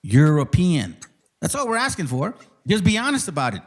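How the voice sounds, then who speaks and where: This live debate-stream host talks fast in a high-pitched, slightly bright, very animated voice. Combative and foul-mouthed, he keeps cutting people off and saying the same things over again.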